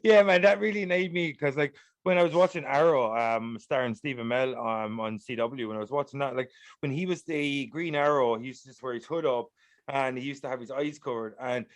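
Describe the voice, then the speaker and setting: A man's voice: mid-range voice, a little fast, no room sound. A man co-hosting a podcast, chatting casually, laughing often and swearing, with lots of fillers. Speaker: podcast co-host. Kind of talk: casual chat.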